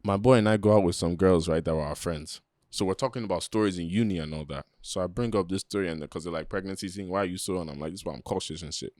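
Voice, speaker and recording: A man's voice: deep voice, fast, no echo, studio quality. A young man, telling a personal story in a casual, slangy podcast chat and acting out what others said. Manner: animated storyteller, slangy, acts out quoted voices. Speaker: podcast co-host.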